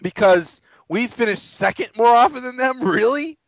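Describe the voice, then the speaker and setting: High, lively man ranting sarcastically. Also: normal speed, no echo, low-quality recording. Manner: exasperated, sarcastic ranting with mock-quoted voices. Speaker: podcast co-host. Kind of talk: casual sports podcast rant.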